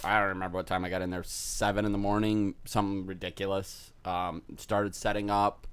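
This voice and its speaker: A man's voice: sits low, flat delivery, fairly quick, smooth. A man co-hosting a podcast, telling a rambling, self-deprecating anecdote in casual chat. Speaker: podcast co-host.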